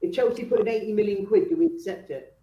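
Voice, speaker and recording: A man's voice: high voice, fast talker, mellow. A male football fan calling in, talking passionately and animatedly. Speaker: caller. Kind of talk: fan phone-in chat. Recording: echoey, distant, muffled call audio.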